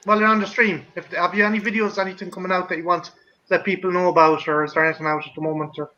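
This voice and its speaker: A man's voice: high voice, level tone, racing, bright, forceful tone. A man hosting a casual watch stream, joking and swearing a lot. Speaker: stream host. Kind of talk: casual chat. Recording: dull lo-fi sound with faint noise.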